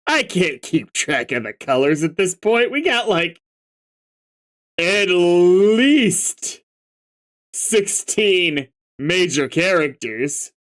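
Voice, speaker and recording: Wry webcomic reader with lively pitch. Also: extremely slow. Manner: casual, wry asides. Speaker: comic reader. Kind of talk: reading a webcomic aloud with commentary.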